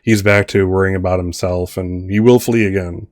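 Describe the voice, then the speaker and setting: A man's voice: sits low, steady tone, normal speed, darkish tone, dry recording, clean studio sound. A man narrating as game master in a tabletop role-playing game, laughing often.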